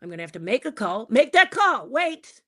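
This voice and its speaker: A man's voice: extremely high pitch, big pitch swings, a little fast, bright, forceful tone, exaggerated voice. A woman voicing a hesitant, flustered male office supervisor.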